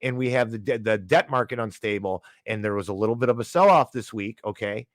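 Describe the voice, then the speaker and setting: A man's voice: lowish voice, fairly quick, dry recording. A man hosting a finance show, ranting heatedly with frequent restarts and apologies. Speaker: podcast host.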